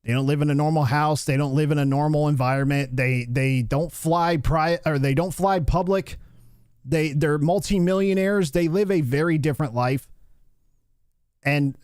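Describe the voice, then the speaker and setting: A man's voice: a little high, normal speed, a little mellow, smooth, dry recording. Blunt, dismissive man ranting dry. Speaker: livestream commentary host. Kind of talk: casual reaction commentary.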